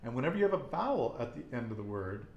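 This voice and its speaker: A man's voice: mid-range voice, big pitch swings, rapid-fire, darkish tone, echoey room, dull audio. A man teaching a casual Spanish lesson, patiently repeating words and quizzing his student.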